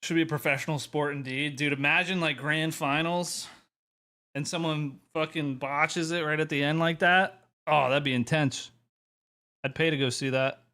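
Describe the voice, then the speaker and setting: A man's voice: a little high, fairly even intonation, moderate pace, bright, forceful tone. A young man streaming live, chatting casually with his viewers in a laid-back way with some mild swearing.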